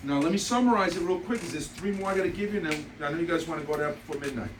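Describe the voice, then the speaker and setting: A man's voice: a little high, very fast. A man in his fifties leading a motivational sales training session, blunt and repetitive, laughing through his stories. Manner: animated storyteller, laughs through anecdotes; blunt, repeats key points. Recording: roomy, distant, noisy room recording.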